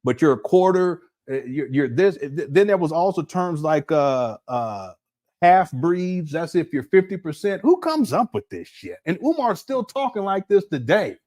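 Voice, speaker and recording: Man, higher-pitched; relaxed spoken commentary with frequent laughter and self-corrections. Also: unhurried. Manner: loose and conversational, laughs often, many restarts. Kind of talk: casual monologue.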